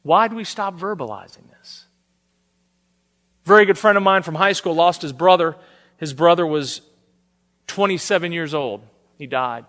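A man preaching a sermon, shifting between soft, intimate lines and emphatic declarations. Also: fairly high pitch, moderate pace, pauses often. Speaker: pastor. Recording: long hall reverb.

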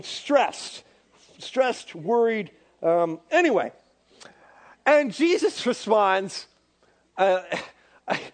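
Animated young male youth preacher. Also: sits high. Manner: animated, acts out dialogue, many fillers. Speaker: youth pastor. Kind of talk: sermon to young people.

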